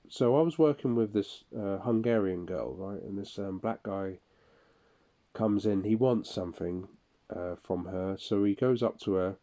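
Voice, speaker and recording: A man records a personal audio diary, speaking slowly in a low voice. His tone is dark and mellow. He talks in halting, broken phrases and often restarts them. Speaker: audio diarist. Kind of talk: personal monologue recalling incidents.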